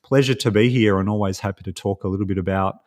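A man with an Australian accent, a life coach chatting as a podcast guest, relaxed and rambling with many fillers. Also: fairly low pitch, quick pace. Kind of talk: casual podcast interview. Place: home in Melbourne, remote call.

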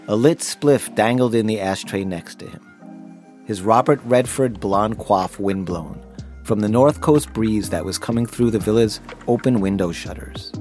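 Guy reading his own memoir, lowish voice, dry self-mocking tone, soft music in the back. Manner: wry, self-deprecating storytelling. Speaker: memoir narrator. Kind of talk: first-person audiobook narration.

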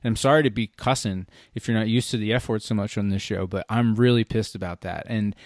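A man's voice: lowish voice, quick pace, no echo. Man, podcast host, casual chat, blunt and swearing, dry close sound. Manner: animated, frank, swears freely. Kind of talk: casual hunting gear chat.

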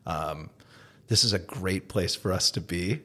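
A man with an upper Midwestern accent, co-hosting a casual podcast from an office, telling stories in an animated, laughing way. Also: low-pitched, unhurried, slightly rough. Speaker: podcast co-host. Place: office in a co-working space.

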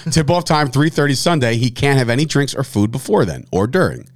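A young man, hosting a sports chat and ranting loudly and mockingly about fandom. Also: mid-range voice, sing-song, brisk. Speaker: sports podcast host. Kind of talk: heated casual sports chat.

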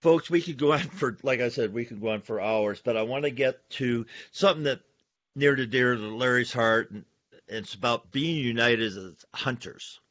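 A man's voice: mid-range voice, moderate pace, fairly bright tone. A man hosting a podcast, telling stories animatedly and calling listeners "folks". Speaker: podcast host. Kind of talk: casual podcast conversation. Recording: dull lo-fi sound, dry.

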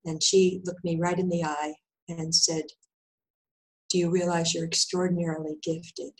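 The audio is poor as an older woman, a guest and intuitive healer, recounts a story in conversation at normal speed. With animated rising and falling pitch, she acts out every exchange, slipping into others' voices for their lines and laughing all through.

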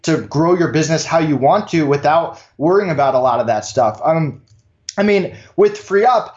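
A man's voice: lively intonation, normal speed, a little mellow. A man answering interview questions as a company founder, talking fluently and backing his points with numbers. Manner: fluent, pitching with figures. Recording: echoey, dull room mic.

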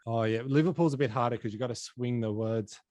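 A young man with an Australian accent hosts a podcast in a loose, rambling way, swearing freely. His voice sits in a middle pitch, recorded dry and close. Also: fast talker, a little mellow, no room sound. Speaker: podcast host. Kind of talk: casual podcast chat.

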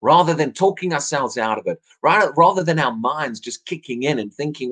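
A man's voice: a little high, expressive, a little fast, few pauses, fairly bright tone. A man preaching an evening sermon, earnest, often repeating words as he restarts his phrases.

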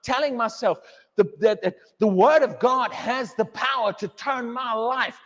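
A man's voice: a little slow, fairly bright tone. A man preaching a sermon in a church, emphatic and given to repeating his words. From England. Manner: emphatic, repeats words, mocks a wailing believer in a high voice. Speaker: pastor. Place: church hall. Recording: long hall reverb.

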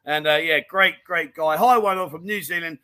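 A high-pitched man chatting on a casual livestream. His voice is bright and forward as he rattles through viewer comments, friendly and full of slang. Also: normal speed. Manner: chatty and animated, full of mate and diamond geezer slang. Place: home in Thailand.

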